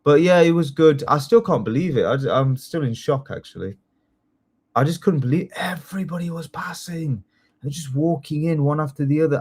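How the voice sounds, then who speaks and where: Guy running a live online lesson, chatty, keeps saying sorry, gets excited. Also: a little high, normal speed, breathy edge. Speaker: citizenship test tutor.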